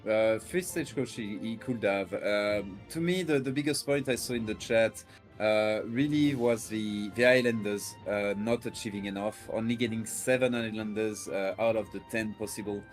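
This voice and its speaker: A man casting a live esports match, speaking with frequent filler hesitations and animated bursts. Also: fairly low pitch, moderate pace, faint music behind. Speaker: esports caster. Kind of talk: live game commentary.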